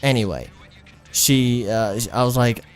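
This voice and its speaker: A man's voice: mid-range voice, unhurried, clear, resonant tone. A young man telling a personal story over gameplay in a rambling, profane, frank way. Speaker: gaming storyteller.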